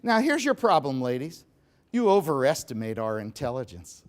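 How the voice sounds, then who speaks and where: A middle-aged man giving a humorous seminar talk to a live audience, animated and joking, speaking straight to the crowd. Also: mid-range voice, moderate pace. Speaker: motivational speaker.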